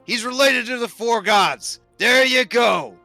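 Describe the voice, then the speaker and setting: Guy putting on a loud sneery rival dude, higher than his own voice, bright edge. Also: unhurried, vocal fry, no echo, soft background music, heavily acted. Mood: scornful. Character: scornful jealous rival man.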